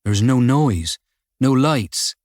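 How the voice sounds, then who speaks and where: A male officer reports in hushed, matter-of-fact words over his radio, as an audiobook reader voices him. The sound is dry and close. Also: mid-range voice, lively intonation, slow, no room sound. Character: quiet male officer on a stakeout. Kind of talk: audiobook character voice.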